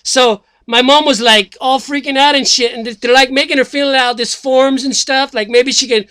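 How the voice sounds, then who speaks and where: A man's voice: extremely high pitch, steady tone, moderate pace, bright, forceful tone, clear, resonant tone, dry recording. A man playing a rambling slacker who announces a presidential run, talking in a loose comedic monologue full of fillers and swearing. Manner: rambling, filler-heavy, swears, loses his thread. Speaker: self-styled presidential candidate.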